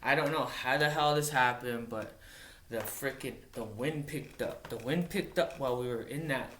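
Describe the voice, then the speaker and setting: A man, a wildland firefighter from Montana, telling a story in a casual, profane way, halting and restarting often. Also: mid-range voice, fairly bright tone, a little hiss or hum. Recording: roomy echoey recording.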